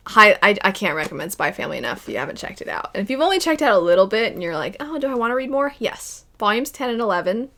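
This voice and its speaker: A young woman chatting casually in a vlog, animated and laughing often as she gives her opinions. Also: lowish voice. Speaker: vlogger.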